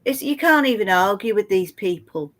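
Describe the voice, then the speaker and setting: A woman's voice: mid-range voice, expressive, normal speed, fairly bright tone. A woman in a casual chat, speaking hesitantly with many ums and restarts.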